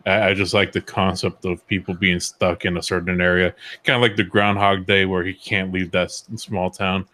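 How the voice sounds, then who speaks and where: A man's voice: low-pitched, little pitch movement, moderate pace, hardly any pauses, bright, forceful tone. A laid-back man chatting casually on a podcast, swearing often. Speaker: podcast co-host. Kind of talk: casual chat.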